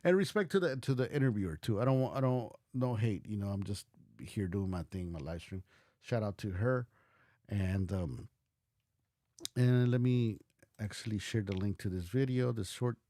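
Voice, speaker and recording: A man's voice: lowish voice, moderate pace, mellow, dry recording, clean studio sound. A man hosting a livestream, reacting in a casual, rambling way with lots of restarts and fillers, and swearing now and then. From United States. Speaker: livestream host.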